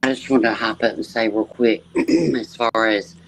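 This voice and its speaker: A man's voice: fairly low pitch, steady tone, normal speed, gravelly, slight background noise. A man in a played clip, speaking dismissively and making accusations about another streamer. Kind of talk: livestream commentary clip.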